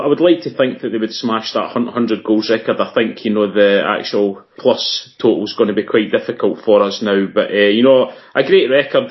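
A man co-hosting a casual football podcast, giving his opinions in a halting, chatty way with lots of fillers. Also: on the low side, lo-fi sound. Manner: hesitant, full of fillers and restarts, chatty opinions. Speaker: podcast co-host.

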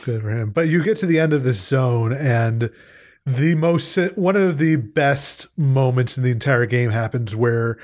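A man co-hosting a video game podcast, describing a game moment in a slow, measured way. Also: medium pitch, a little mellow. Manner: measured, describes scenes slowly. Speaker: podcast co-host. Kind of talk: casual chat.

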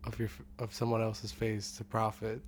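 A man's voice: lowish voice, monotone, normal speed, slight background noise. A man in casual podcast chat, playful and joking, spinning tall tales with a straight face. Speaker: podcast guest.

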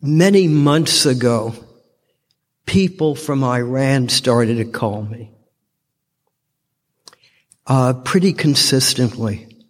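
Slow-spoken older man in a reverberant hall. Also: medium pitch. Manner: slow, heartfelt storytelling. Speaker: speaker at a recovery fellowship meeting. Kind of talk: personal testimony talk. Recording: long reverb from a large hall.

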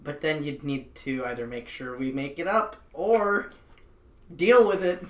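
A man's voice: on the high side, measured pace, a bit bright. A man playing in a tabletop game, hesitant and laughing often. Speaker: player. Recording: echoey room, faint noise.

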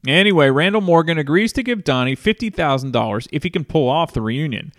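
A man giving scripted narration of a film recap in an even, explanatory way. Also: on the high side, fast, no room sound, clean studio sound. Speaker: film reviewer.

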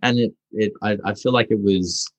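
A young Australian man, a guest actor, chatting casually in an interview, halting and restarting often. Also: on the low side, fairly even intonation, dry recording, rough recording. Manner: halting, full of restarts and fillers.

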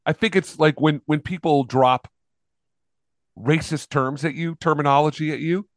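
Man, forties, podcast co-host, casual banter, animated, slightly high voice. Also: moderate pace, dry recording, studio quality. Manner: animated, acts out quotes.

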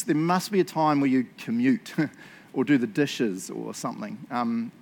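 A man preaching a casual sermon, telling stories in an excitable, chatty way and laughing along. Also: medium pitch, normal speed.

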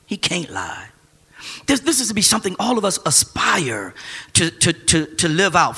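A man preaching a sermon, building from quiet reading to shouted, drawn-out emphasis. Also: fairly high pitch, big pitch swings, husky. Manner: rising to shouted call-and-response cadence, drawn-out emphasis.

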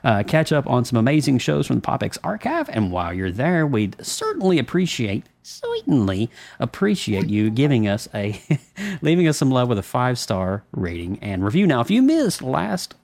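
A man's voice: medium pitch, huge pitch swings, vocal fry, darkish tone. A man hosting a geek pop-culture podcast, joking around and laughing in casual chat. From Central Florida. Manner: playful, jokey, quick to laugh. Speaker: podcast host.

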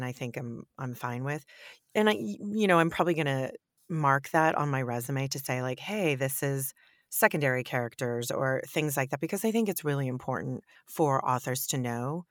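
A woman who narrates audiobooks, answering interview questions in an animated, emphatic way and laughing often. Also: low voice, no room sound, studio quality.

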